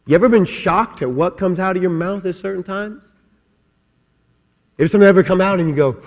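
A middle-aged man, a pastor, telling a personal story in an animated sermon in church. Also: high voice, brisk, long pauses. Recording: long hall reverb.

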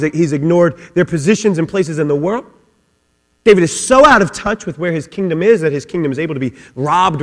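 A male preacher delivering a sermon with a notably high-pitched voice. He talks with passion, circling back over his phrases and pushing them harder as he builds. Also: big-room sound. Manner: impassioned, repeats phrases, builds to rising fervor.

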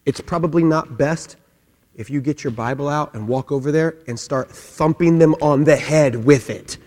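Man, pastor, lively humorous sermon, slightly high voice, long church reverb. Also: moderate pace. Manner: animated, humorous, acts out voices. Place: church sanctuary.

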